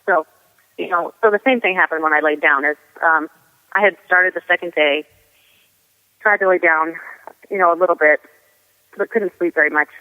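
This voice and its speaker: A woman's voice: lowish voice, moderate pace, long pauses. A woman guest telling a race story in a chatty way, full of "like" and "you know". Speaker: guest ultrarunner. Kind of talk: casual storytelling. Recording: tinny phone line with long reverb.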